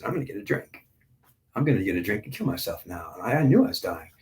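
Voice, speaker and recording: Man in his 40s, lowish voice, telling his spiritual story all worked up, blunt, swears, keeps restarting. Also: very animated, quick pace, darkish tone. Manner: emotional, intense, frequent restarts. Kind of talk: personal spiritual testimony monologue.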